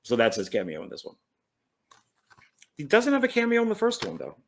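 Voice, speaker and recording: A man's voice: high-pitched, brisk. A man casually going through his film collection, rambling, correcting himself and stumbling over names. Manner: relaxed, enthusiastic about films. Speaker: movie collector.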